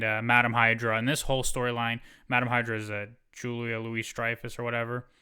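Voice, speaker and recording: A man's voice: medium pitch, smooth. A man co-hosting a podcast, casually retelling a movie's plot with plenty of swearing. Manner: profane, animated retelling of the plot. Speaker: podcast co-host. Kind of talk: casual movie review chat.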